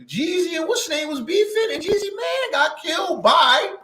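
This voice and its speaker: A man's voice: very high-pitched, very animated, moderate pace, sharp tone, slight background noise. A man in a casual debate among friends, talking profanely, often cutting in and restarting his sentences.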